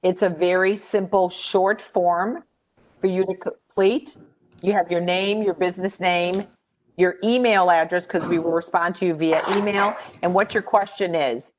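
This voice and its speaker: A woman answering questions about a grant program in a webinar, explaining in a measured way with pauses and fillers. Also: on the low side, a little hiss or hum.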